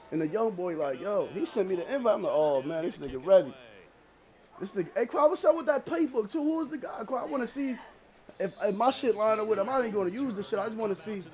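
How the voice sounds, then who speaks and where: A man streaming a football video game, taunting his opponent loudly and repeating phrases, dropping from shouts to mutters. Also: extremely high pitch. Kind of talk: live gameplay trash talk.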